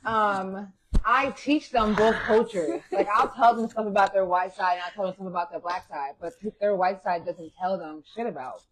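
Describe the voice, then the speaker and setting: A woman co-hosting a casual chat, talking in a relaxed way that trails off softly. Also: mid-range voice, normal speed, a little hiss or hum, poor audio. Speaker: podcast co-host.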